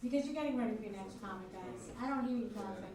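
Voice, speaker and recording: A woman's voice: medium pitch, quick pace. A woman hosting a comedy club, bantering crudely and mocking herself between acts in front of a live audience. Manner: brash, crude, self-mocking banter with the crowd. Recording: echoey club, distant mic, crowd noise.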